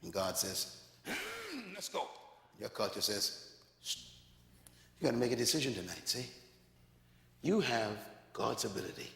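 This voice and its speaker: Male preacher, animated and theatrical, long hall reverb. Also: medium pitch, a little slow, creaky, pauses often. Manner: dramatic, animated storytelling with acted-out dialogue. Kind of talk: sermon with storytelling.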